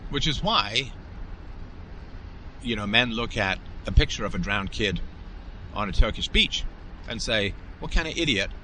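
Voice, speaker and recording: A man's voice: on the low side, animated, unhurried, pauses often, sharp tone, a little hiss or hum. A middle-aged man hosting a show, delivering an emphatic, opinionated monologue in a lecturing manner. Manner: emphatic, lecturing, acts out quoted voices. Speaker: podcast host.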